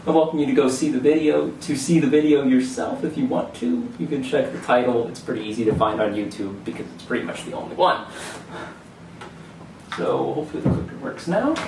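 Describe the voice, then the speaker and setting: A man's voice: mid-range voice, a little hiss or hum. A young man giving a classroom presentation, explaining step by step in a loose way with fillers and restarts. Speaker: student presenter. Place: lecture hall. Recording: echoey room from far off.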